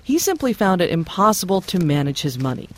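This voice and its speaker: A man hosting a radio show, introducing guests and segments in a measured, even way. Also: sits high. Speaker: radio host.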